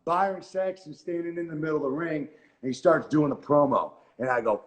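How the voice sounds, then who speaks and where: A man's voice: fairly high pitch, fast. A man being interviewed, telling a story casually, cursing often and saying "like" a lot, with a Southern Californian accent. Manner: profane, excitable, lots of "like" and "man". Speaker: guest wrestler.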